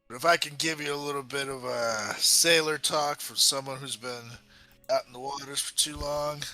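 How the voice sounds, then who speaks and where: A man's voice: mid-range voice, vocal fry, sharp tone, heavily acted. A man voicing a blunt, battle-worn male sailor veteran in a tabletop game, folksy and courtly with lots of fillers. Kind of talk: in-character tabletop role-play.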